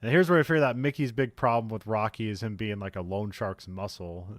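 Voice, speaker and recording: A man's voice: lowish voice, a little fast, dry recording. A man co-hosting a casual movie podcast, recapping scenes with many fillers and frequent laughs. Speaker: podcast co-host.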